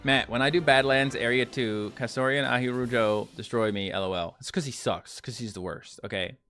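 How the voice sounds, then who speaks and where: A young man with a bright, forceful voice chats his way through a live game stream. He talks loosely, reads out viewer comments, and urges his units on with short repeated phrases. Faint music plays in the background. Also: mid-range voice, a little fast.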